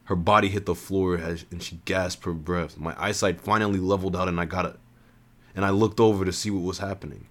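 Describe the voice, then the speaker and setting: A man reads a first-person adventure story aloud in an earnest tone. His voice sits on the low side, and he often restarts and repeats lines as he goes. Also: fairly even intonation, fairly quick, a bit bright. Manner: earnest, with frequent restarts and rereads.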